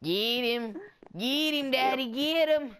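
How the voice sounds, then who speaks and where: A drawling Southern belle cheers her man on in a high, sing-song voice, stretching every word, as a woman hams it up. Her Southern US accent is laid on thick and teasing. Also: slow pace, a bit bright, slight background noise, heavily acted.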